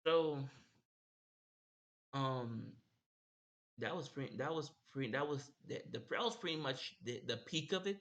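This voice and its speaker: A man's voice: medium pitch, unhurried, pauses often, a bit bright. A young man telling a casual story as a streamer host, rambling and repeating himself. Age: young adult.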